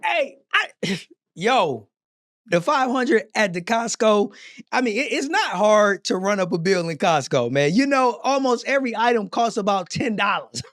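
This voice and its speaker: Animated laughing man reacting to clips. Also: sits high, a little slow, no echo, studio quality. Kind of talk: casual reaction commentary.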